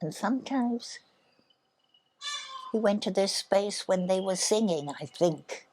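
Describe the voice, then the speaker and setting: An older woman telling childhood stories in an interview, speaking softly and sometimes dropping to a near whisper. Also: medium pitch, a little hiss or hum. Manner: soft, unhurried, drops to a near whisper. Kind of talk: reminiscing storytelling.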